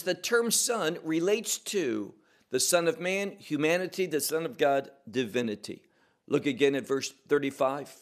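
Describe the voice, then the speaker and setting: A man teaching through scripture verse by verse, slow and deliberate, leaning on single words for emphasis. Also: fairly high pitch. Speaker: Bible teacher.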